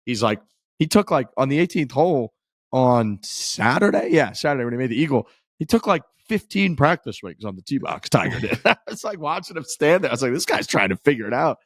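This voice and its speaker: A man's voice: medium pitch, sing-song, brisk, no room sound, studio quality. A young man co-hosting a golf podcast, rambling enthusiastically in casual chat, laughing and swearing. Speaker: podcast co-host.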